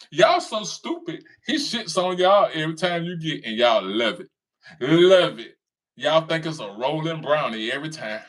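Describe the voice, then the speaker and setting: A man's voice: a little high, a bit bright. A man, taunting and laughing as he reads viewer comments in casual commentary. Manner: mocking, laughs often, taunting the audience. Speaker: commentary streamer reading comments.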